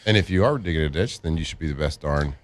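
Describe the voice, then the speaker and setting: A man's voice: a bass voice, animated, fast. A man with a sore throat co-hosting a morning sports radio show, teasing and playful at a studio mic.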